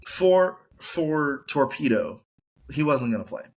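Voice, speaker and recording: A man's voice: a little high, expressive, slow pace. A man co-hosting a casual hockey podcast, rambling and saying "like" often. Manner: rambling, heavy use of "like". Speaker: podcast co-host.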